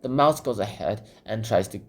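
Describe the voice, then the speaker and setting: Rambling low-voiced man summarizing a book. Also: moderate pace. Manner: rambling, filler-heavy, repeats "goes ahead". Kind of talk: casual spoken book summary while drawing.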